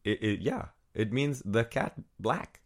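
A man's voice: fairly low pitch, expressive, a little slow. A man from Minnesota co-hosting a podcast in casual chat, rambling and joking. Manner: rambling, jokey, does silly voices. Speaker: podcast co-host.

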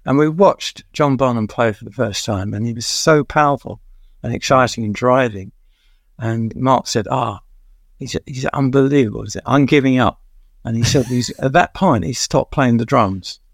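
Older male guest, gravelly voice, dry close sound, rambling anecdotal storyteller with many pauses. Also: mid-range voice, no echo. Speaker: veteran music journalist, guest.

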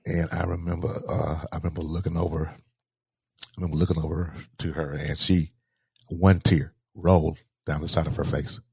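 A man with a low, husky voice talks slowly and haltingly, circling back over his words. The sound is close and dry. He speaks in a heartfelt interview. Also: little pitch movement, a little mellow, dry recording. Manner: halting, repeats words, grieving tone. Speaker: guest. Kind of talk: emotional interview storytelling.

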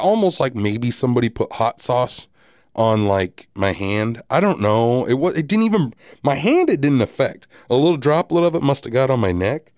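A man hosting a podcast, telling a story in a casual, animated, profane and wry way. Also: mid-range voice, no echo, studio quality. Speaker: podcast host.

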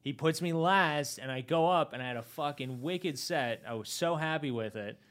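A man, a comedian, telling animated, profane stories in casual podcast chat. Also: fairly high pitch, normal speed.

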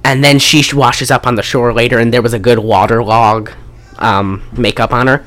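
A woman's voice: extremely low pitch, steady tone, normal speed, fairly bright tone. A young woman hosting a casual chat, retelling a film's scenes in a rambling, profane way. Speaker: podcast host reviewing a film.

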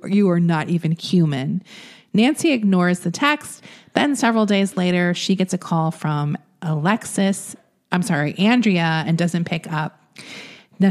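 Lady with a lowish voice chatting through a crime story, laughs a lot, lots of ums. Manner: chatty, laughs often, uses fillers. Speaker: podcast co-host. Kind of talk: casual true-crime storytelling.

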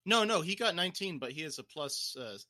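A man's voice: a little high, lively intonation, a little fast, bright, forceful tone. A man playing a tabletop game, eager and stumbling over his words. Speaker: player. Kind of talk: casual tabletop play.

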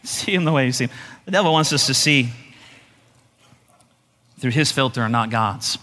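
A middle-aged male pastor preaching a sermon in an animated, folksy way, laughing often. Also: medium pitch, moderate pace, long reverb tail, a little hiss or hum.

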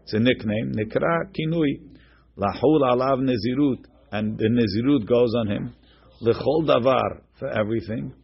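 A man's voice: medium pitch, moderate pace, creaky, breathy edge, muffled recording. A man teaching a text-study class, reading each line aloud, then translating and explaining it with frequent restarts. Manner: repeats and restarts words while explaining. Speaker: Talmud teacher.

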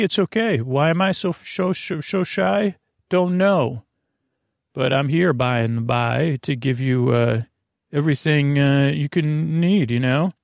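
A man hosting a comedy podcast, rambling through a halting monologue full of fillers and restarts, crooning quoted lines slowly. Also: on the high side, vocal fry, no room sound, clean studio sound.

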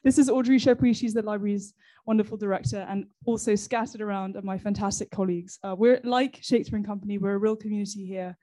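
A woman's voice: mid-range voice, fairly even intonation, fast, mellow. An English woman hosting a live library event, chatty and laughing, with many fillers and restarts. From England. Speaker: host, library programs manager.

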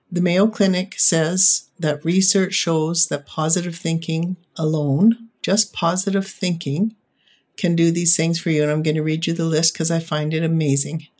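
An upbeat, encouraging podcast host giving parents tips in a monologue. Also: medium pitch.

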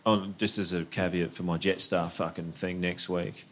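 A man with an Australian accent co-hosting a live comedy podcast, reading listener messages in a blunt, sweary, deadpan way. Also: low-pitched, normal speed. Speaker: podcast co-host. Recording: live show with music and crowd behind.

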